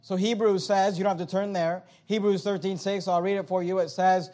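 A male preacher with a high voice delivers an evening sermon. He reads scripture aloud and poses questions to his listeners, then answers them. His delivery swings between loud emphatic bursts and quieter asides. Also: little pitch movement, fairly quick, hardly any pauses.

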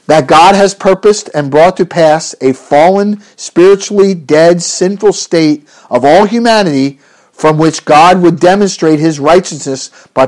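A man's voice: on the high side, darkish tone. A man preaching an expository sermon in an earnest, emphatic way, rising on rhetorical questions and often restarting his phrases.

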